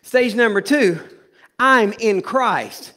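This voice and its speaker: A male pastor preaching a sermon in a church, moving from loud, stretched-out proclamations to quiet, joking asides with his congregation. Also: high voice, animated, slow. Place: church sanctuary.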